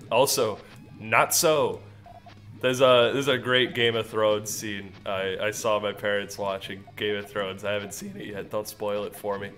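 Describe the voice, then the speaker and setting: A man's voice: fairly low pitch, flat delivery, unhurried, a bit bright, faint music behind. A young man giving casual gameplay commentary, goofy and rambling, laughing at his own jokes. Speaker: gaming commentator.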